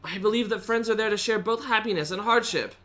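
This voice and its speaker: An earnest teenage boy voiced by a woman reading a visual novel. His tone is bright and pressing. He pleads with a friend and breaks into shouts when he insists. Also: medium pitch, fast, pitched above the performer's own voice, natural voice. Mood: pleading.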